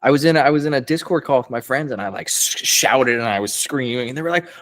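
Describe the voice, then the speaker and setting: Guesting on a laid-back podcast, this young voice actor talks fast at a medium pitch. Upbeat and quick to laugh, he gets especially lively when retelling stories.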